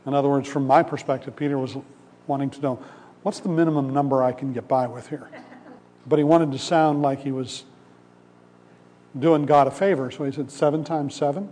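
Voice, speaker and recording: Male preacher, storytelling sermon, warm mellow tone, echoing hall. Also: medium pitch, fairly even intonation, brisk, pauses often. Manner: conversational storytelling, acts out voices in the parable. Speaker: pastor. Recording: long hall reverb.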